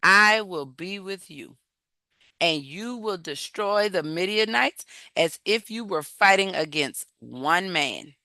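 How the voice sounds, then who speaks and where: A woman voicing the Lord as a calm, reassuring divine voice, speaking slowly and steadily. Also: on the low side, no echo, pitched below the performer's own voice, full character voice.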